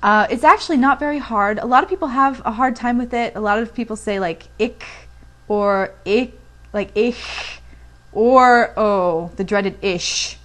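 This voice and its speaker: Young American woman, fairly high voice, relaxed teacher with lots of fillers. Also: normal speed, hardly any pauses. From United States. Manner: chatty, with many fillers. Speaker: language teacher. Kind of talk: casual video lesson.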